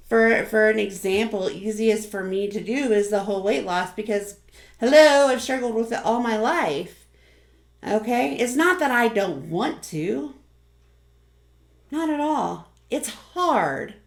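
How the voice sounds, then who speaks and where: A woman's voice: medium pitch, echoey room. A woman YouTuber giving an earnest, encouraging motivational talk to the camera, often repeating phrases.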